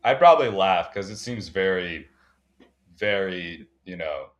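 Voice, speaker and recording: A man's voice: sits low, animated, a little slow. A young man co-hosting a casual chat, laid-back, swearing freely and trailing off with "you know".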